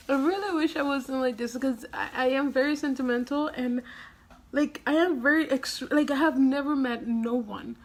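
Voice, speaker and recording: A woman's voice: high-pitched, normal speed. A young woman vlogging casually, rambling and tearful after crying, breaking into small laughs and sighs. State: has been crying. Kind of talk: casual emotional vlog.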